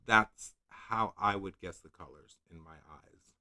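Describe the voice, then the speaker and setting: A man's voice: low voice, unhurried, sharp tone. A man hosting a casual nail polish livestream, rambling, second-guessing himself and laughing at his own confusion. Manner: reads product blurbs in a mock-dramatic voice. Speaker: nail polish channel host.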